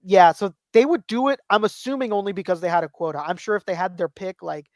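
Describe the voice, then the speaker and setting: A man in his thirties co-hosts a casual podcast chat, telling rambling stories, cursing freely and acting out quotes. He talks fast in a high-pitched voice with a darkish tone, and the studio recording is clean and dry.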